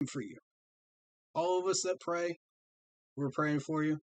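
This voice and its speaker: A man's voice: on the high side, fairly even intonation, measured pace, dry recording. Earnest man, heartfelt stream talk. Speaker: fan streamer host. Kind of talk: livestream talk to fans.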